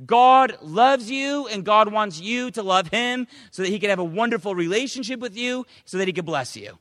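A man preaching a sermon as pastor, emphatic, swinging from loud preaching to quiet asides. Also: high voice, lively intonation, fairly quick, no room sound, clean studio sound, long reverb tail.

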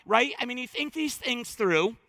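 Man preaching, bright tense voice, emphatic, loud then hushed, dry close sound. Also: extremely high pitch, expressive, moderate pace, creaky, dry recording. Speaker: pastor. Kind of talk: sermon. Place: church.

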